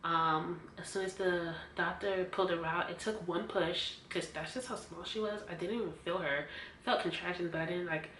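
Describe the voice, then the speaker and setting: A woman telling a personal story in a vlog, animated and acting out what others said, at times close to tears. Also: lowish voice, normal speed. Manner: emotional, near tears. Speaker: vlogger. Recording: echoey room with faint noise.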